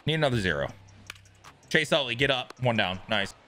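Excitable young male game streamer. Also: mid-range voice, a little fast, a little hiss or hum. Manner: excitable, yells at big plays, swears, talks to chat. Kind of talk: live gameplay commentary.

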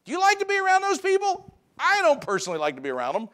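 Male pastor, sermon, high voice, very lively pitch, conversational preaching, church sanctuary. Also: rapid-fire. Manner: conversational preaching, rising for emphasis and dropping low.

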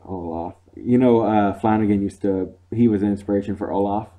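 Man, low voice, mellow tone, podcast co-host, casual retelling. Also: fairly even intonation, fairly quick. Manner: retells movie scenes with laughs. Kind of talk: casual chat.

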